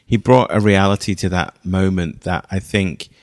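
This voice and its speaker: A man's voice: low voice, steady tone, normal speed, no echo, clean studio sound. A man co-hosting a film podcast, talking through a review in a thoughtful, hesitant way with fillers. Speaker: podcast co-host. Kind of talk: casual film review chat.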